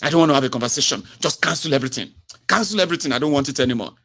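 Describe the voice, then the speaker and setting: A man putting on a furious male customer who rants and shouts in a high voice while demanding to cancel his service. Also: animated, very fast. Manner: shouting, high-pitched, ranting.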